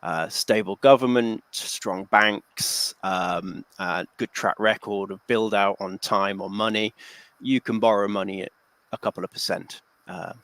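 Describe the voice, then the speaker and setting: A man's voice: fairly low pitch, steady tone, measured pace, fairly bright tone, dry recording. A man speaking as a panel guest, making his points thoughtfully with many fillers and restarts. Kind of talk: discussion.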